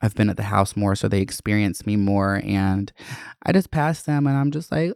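Woman in her twenties, podcast host; candid, profane, open-hearted casual chat; smooth, dry delivery. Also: rumbling low, normal speed, darkish tone, no room sound. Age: 20s.

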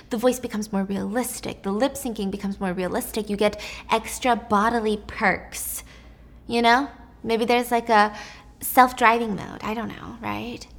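Female storyteller, casual and chatty, somewhat high-pitched. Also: fairly bright tone. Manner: chatty, asides to the listener.

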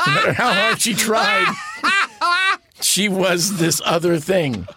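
A man in his sixties, an interview guest, telling stories in an animated way and breaking into impressions and big laughs. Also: high voice, slow pace, a crowd in the background. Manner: launches into impressions and laughs loudly. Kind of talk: animated storytelling.

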